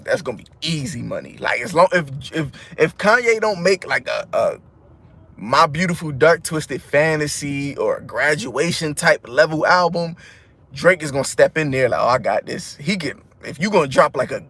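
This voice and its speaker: A man's voice: on the high side, expressive, normal speed, fairly bright tone, husky. A man giving a casual, rambling music review monologue, full of slang, restarts and fillers.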